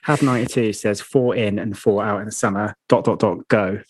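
A man's voice: on the low side, fairly even intonation, a little fast, husky. A man, co-hosting a casual football podcast and rambling through stories with laughter. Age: 30s. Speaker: podcast co-host.

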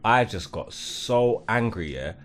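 A man telling a story in slangy casual chat on a podcast, getting animated as he goes. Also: fairly low pitch, takes it slowly, a little hiss or hum. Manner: animated slangy storytelling, rising when worked up. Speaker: podcast co-host.

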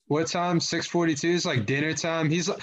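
A man's voice: a little high, steady tone, brisk, crowd noise. A man co-hosting a casual sports chat, rambling along with lots of fillers and restarts. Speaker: podcast co-host.

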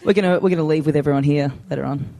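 A man's voice: a little high, rapid-fire, gravelly, warm tone. An Australian man co-hosting a live comedy show, chatty with stumbling questions. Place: bar stage before a live audience.

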